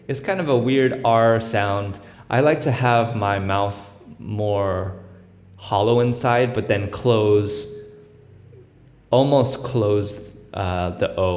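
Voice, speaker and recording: A man's voice: on the low side, slow. Man explaining beatbox in echoey room. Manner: relaxed, explains step by step with many fillers, breaks into vocal sound demos. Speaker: beatbox tutor. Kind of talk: casual tutorial explanation. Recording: echoey room with long reverb.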